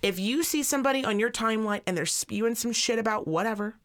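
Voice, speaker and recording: A woman's voice: fairly high pitch, fast talker. Blunt, profane woman podcast host. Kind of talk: casual chat.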